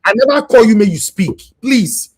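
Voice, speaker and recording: A man with a Nigerian accent hosting a live stream, moderating a heated call and preaching peace, scolding and at times shouting. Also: high voice, lively intonation, normal speed, crowd noise.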